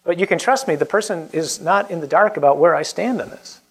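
A man's voice: fairly high pitch, fairly quick, slightly rough. A man who is a Catholic priest, giving an earnest, emphatic and informal talk that moves into a prayer. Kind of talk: conversational preaching and prayer.

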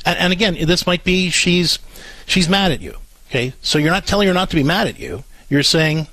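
A man's voice: high-pitched, fairly quick, sharp tone, no room sound. A man co-hosting a call-in radio show, earnestly coaching a parent step by step and acting out what to say.

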